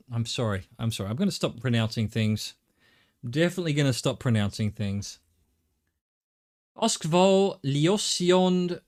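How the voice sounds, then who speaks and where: Middle-aged Australian man streaming a game. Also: medium pitch. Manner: thinks aloud, chatty with viewers, swears casually. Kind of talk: live game-stream commentary.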